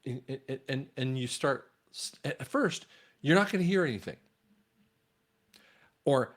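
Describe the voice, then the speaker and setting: A man's voice: medium pitch, animated, unhurried, long pauses. A man talking straight to his viewers in an earnest monologue on faith, often repeating a word as he restarts. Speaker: online commentator.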